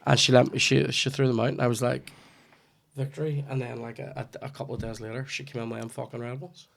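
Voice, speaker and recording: A man's voice: mid-range voice, little pitch movement, fast talker, gravelly, fairly bright tone, a little hiss or hum. A man, hosting a podcast and telling a comic story with plenty of swearing. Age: 30s. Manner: swears freely, restarts lines, acts out his mum in quoted asides. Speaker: podcast host. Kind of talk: casual comedic storytelling.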